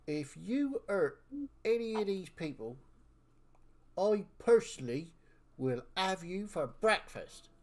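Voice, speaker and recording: A man's voice: high voice, very animated, takes it slowly, a little mellow, voice pushed up, exaggerated voice. Man doing a bossy old woman elder. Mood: threatening. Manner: blustering, folksy rural talk.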